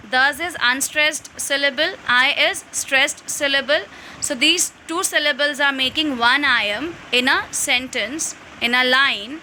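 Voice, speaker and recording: A woman's voice: sits high, pushed and bright, slight background noise, low-quality recording. A woman explaining a lesson from slides, step by step with restarts. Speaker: English teacher.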